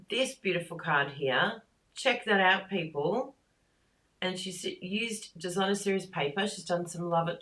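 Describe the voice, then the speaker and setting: Slow, low-voiced crafting host. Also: female voice. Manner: chatty, easily excited, gushing. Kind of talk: casual live-stream chat.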